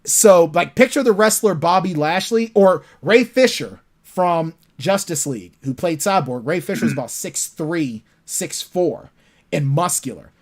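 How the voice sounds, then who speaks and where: A man, an author guest in a casual interview, telling lively stories about his characters. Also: fairly high pitch, unhurried. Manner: animated storytelling, acts out his characters.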